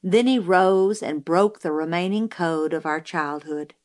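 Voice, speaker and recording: She reads the novel aloud as an audiobook narrator, her lowish voice carrying a measured storytelling manner.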